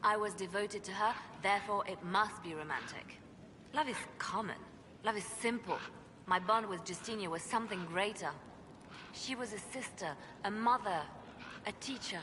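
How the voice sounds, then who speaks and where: A woman voicing a composed female spymaster in a video game, speaking in a calm, measured, quietly intense way. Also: medium pitch, natural voice. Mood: reflective. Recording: game audio with ambient noise.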